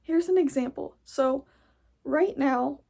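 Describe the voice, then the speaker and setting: Angry high-voiced young woman ranting. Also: slow, creaky, mellow. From United States. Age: young adult. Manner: angry, profane, blunt. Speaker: podcast host. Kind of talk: casual ranting monologue.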